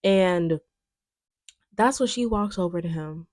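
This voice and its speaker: Chatty animated woman, dry close sound. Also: fairly low pitch, slow, no echo. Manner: animated, chatty, lots of fillers. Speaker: video essayist. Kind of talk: casual film commentary chat.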